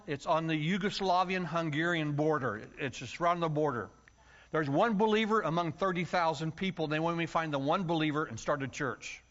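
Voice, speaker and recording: A man from the United States preaching a story-filled sermon, acting out voices and yelling for comic effect. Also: sits high. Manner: animated, acts out voices and yells for comic effect. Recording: dull lo-fi sound.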